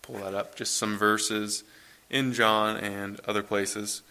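A man in his thirties, a pastor, reading scripture and then preaching in a relaxed, conversational way in a church. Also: fairly low pitch, slow pace. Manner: conversational, relaxed, self-correcting.

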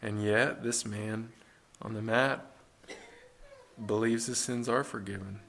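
A man's voice: fairly low pitch, steady tone, takes it slowly, creaky, a bit bright, a little hiss or hum. A man preaching a sermon in an earnest, conversational way, with rhetorical questions and frequent restarts.

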